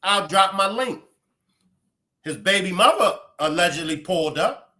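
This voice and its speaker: Male commentary host, scolding and profane, slow deliberate pace, very animated. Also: high voice. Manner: blunt and profane, scolding outbursts. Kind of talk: heated commentary.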